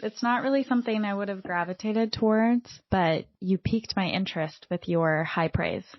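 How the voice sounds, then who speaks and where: A woman co-hosting a podcast in casual chat, wry and quick to laugh. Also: medium pitch, no room sound, dull audio. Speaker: podcast co-host.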